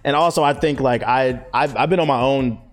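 A man's voice: mid-range voice, a little fast. A man in his twenties answering viewer questions in a loose, profane, slangy way with lots of fillers. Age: 20s. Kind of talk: casual chat.

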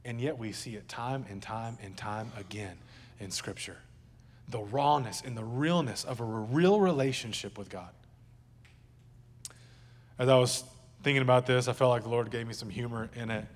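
A man's voice: mid-range voice, moderate pace, big-room sound, slight background noise. A male pastor preaching a sermon at a church service in a conversational, joking way, with asides to the congregation.

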